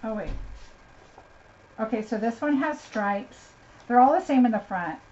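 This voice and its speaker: A woman's voice: a little high, animated, a little slow, a little mellow. A woman doing a chatty live unboxing, gushing over each craft item and talking to viewers by name. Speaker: craft demonstrator. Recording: slightly dull lo-fi sound, faint noise.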